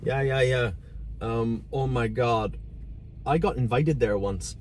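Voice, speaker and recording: A man's voice: mid-range voice, takes it slowly. Guy ranting blunt and sweary, middling voice, bit of hiss behind. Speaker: volunteer driver and channel host. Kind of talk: casual sit-down conversation.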